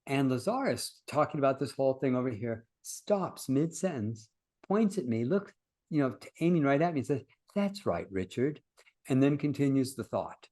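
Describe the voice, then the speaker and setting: A man's voice: mid-range voice, animated, moderate pace, a little mellow. An older man, a workshop founder and teacher, talking casually in an interview as an earnest, reflective storyteller.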